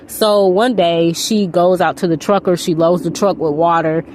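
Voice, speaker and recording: Woman faith vlogger with a lowish voice, casual and earnest, telling the story in a loose ramble. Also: steady tone, moderate pace, a little mellow, slight background noise. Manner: rambling and earnest, with frequent "you know". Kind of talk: casual storytelling, retelling a film.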